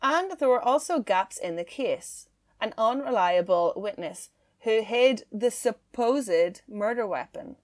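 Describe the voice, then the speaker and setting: A woman's voice: on the high side, animated, measured pace. Chatty woman hosting a podcast. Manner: chatty, laughs easily, filler-heavy. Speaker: podcast host. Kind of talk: casual true-crime podcast chat.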